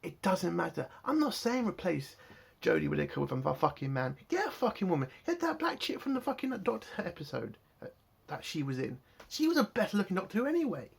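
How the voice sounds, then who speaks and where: A man's voice: high-pitched, big pitch swings, brisk, creaky, husky. A man, ranting angrily and swearing heavily as he reviews a TV episode. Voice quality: heavy swearing, heated ranting. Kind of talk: angry solo review rant.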